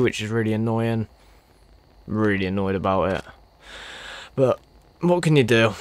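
A man's voice: fairly low pitch, a little hiss or hum. Swearing, frustrated young man gaming. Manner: frustrated, swears often, talks to viewers. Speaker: gaming video creator. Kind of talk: let's-play commentary.

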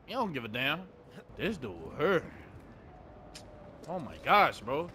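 A man's voice: a little high, big pitch swings, takes it slowly, sharp tone, slight background noise. A young man giving laid-back, chatty gameplay commentary, swearing often and talking to his viewers. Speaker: gaming streamer.

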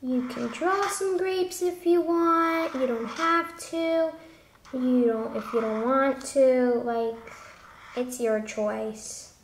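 Woman, drawing teacher, chatty and rambling, high voice, unhurried, echoey room. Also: slight background noise. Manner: chatty, rambling, playful asides. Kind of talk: casual follow-along drawing lesson.

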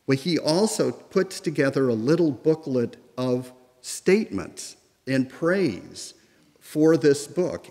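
A man's voice: mid-range voice, darkish tone. A man giving a public history lecture, telling the story conversationally with occasional fillers. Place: lecture room. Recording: long reverb of a lecture room.

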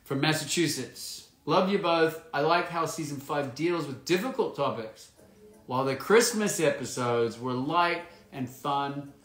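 A man's voice: on the high side, unhurried, fairly bright tone. A man chatting casually and playfully while signing autographs and reading fan messages aloud. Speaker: actor signing autographs for fans. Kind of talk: casual live signing chat. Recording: roomy echo.

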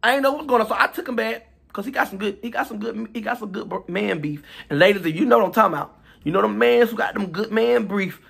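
A man telling a storytime vlog in a chatty, animated, profane gossip manner, talking straight to his viewers. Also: high-pitched, fast, gravelly, slightly rough. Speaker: storytime vlogger.

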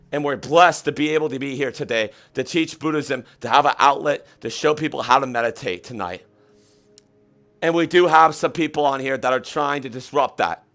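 A man hosting a comedic livestream with a slightly high voice. He talks in an excitable, mock-earnest way and keeps repeating himself to make his point. He comes through a webcam setup. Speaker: host.

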